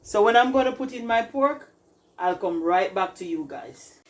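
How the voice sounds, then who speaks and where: A woman's voice: medium pitch, lively intonation, moderate pace, poor audio. A woman with a Jamaican accent hosting a casual cooking video in her home kitchen, chatting to viewers and urging them to look at the food. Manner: chatty, calls viewers "people", keeps saying "look at that". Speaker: cooking channel host.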